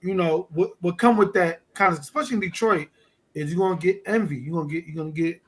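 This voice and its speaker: A man from Brooklyn, a podcast guest telling a profane street story in a lively, animated way. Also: high-pitched, quick pace. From Fort Greene, Brooklyn. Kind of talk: casual storytelling.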